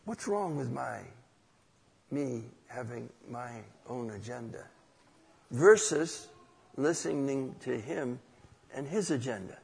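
A man's voice: mid-range voice, animated, slow pace, vocal fry, long pauses, a little mellow, husky, big-room sound. A man preaching a conversational sermon, asking rhetorical questions and telling a personal story.

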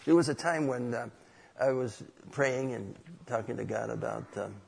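A man's voice: medium pitch, normal speed, vocal fry, slightly rough, in a large hall. A man preaching a conversational sermon, asking rhetorical questions and telling a personal story.

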